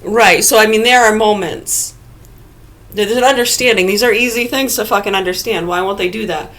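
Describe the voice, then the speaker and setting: A woman's voice: medium pitch, moderate pace, fairly bright tone. A woman in a casual ranting monologue, blunt and profane, firing rhetorical questions at imagined listeners. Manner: argumentative, talks to absent listeners.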